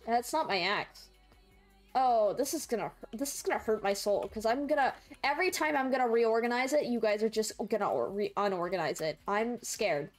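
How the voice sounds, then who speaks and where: A woman's voice: a little high, fairly quick, faint music behind. A young woman streaming a game live, chatting playfully and laughing a lot while viewers trolls her. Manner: playful, laughs often, squeals when chat trolls her. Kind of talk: live gameplay commentary.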